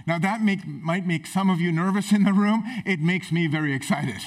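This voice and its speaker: A man's voice: sits high, moderate pace. A man preaching a sermon in a church, emphatic and exclamatory. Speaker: pastor. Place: church sanctuary.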